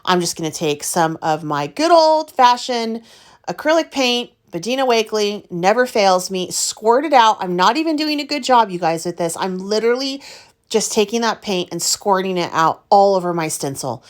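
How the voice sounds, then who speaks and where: A woman's voice: mid-range voice, lively intonation, moderate pace. Woman, casual craft vlogger, talks straight to viewers, openly frustrated. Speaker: craft video host. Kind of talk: casual chat narrating her art process.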